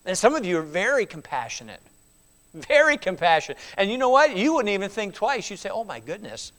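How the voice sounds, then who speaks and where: In a church, a man delivers a sermon, swinging between loud, emphatic calls and hushed near-whispers. He acts out voices and repeats key words in a steady rhythm. His voice is high-pitched and fairly quick, with a big-room sound.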